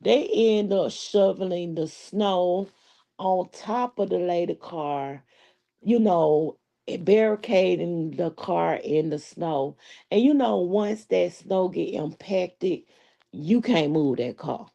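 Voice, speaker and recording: Woman live-stream host, sassy profane chat, unhurried with a mellow low-bright timbre. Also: creaky. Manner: sassy, profane, laughing storytelling. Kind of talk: casual live-stream commentary.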